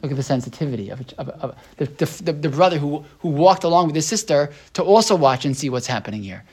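A man's voice: on the high side, lively intonation, fast talker, a little mellow, breathy edge. An American man teaching a Torah class to a small group, asking rhetorical questions, often checking in with "right?", and thinking aloud with restarts.

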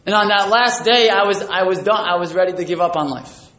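A man speaking the lines of an elderly Holocaust survivor, halting and repeating himself. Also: high voice, fairly bright tone. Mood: grave. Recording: echoey room with faint hiss.

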